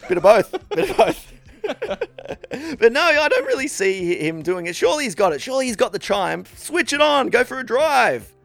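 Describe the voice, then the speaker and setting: A man's voice: very high-pitched, very animated, normal speed, creaky, fairly bright tone, dry recording, faint music behind. A man co-hosting a podcast, telling comic stories with frequent laughter and swearing, often tripping over his words. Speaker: podcast co-host. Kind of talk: casual chat, comic storytelling.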